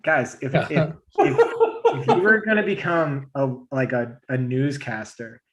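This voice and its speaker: A man's voice: mid-range voice, very animated, noisy background. Laughing, stammering man in casual chat. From Kansas City area. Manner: defensive, laughing, halting restarts. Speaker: illustrator panelist.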